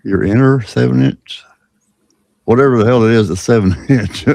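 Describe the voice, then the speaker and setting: A man's voice: medium pitch, normal speed, vocal fry, darkish tone, no echo, studio quality. A man chatting casually with friends, wry and joking, laughing easily. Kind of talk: casual chat.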